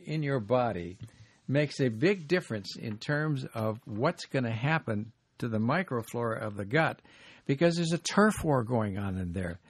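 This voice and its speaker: A man, a doctor, hosting a radio health talk show, explaining in a brisk way with asides. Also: mid-range voice, dry recording.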